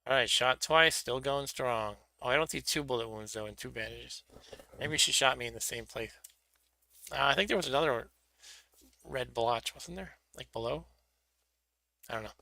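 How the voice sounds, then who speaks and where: A man streaming retro games and talking casually over the gameplay. His voice has a gravelly fry and a very bright, hard edge. He jokes at his own expense as he goes. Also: medium pitch, moderate pace, pauses often, no echo. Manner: chatty, self-deprecating, laughs at himself.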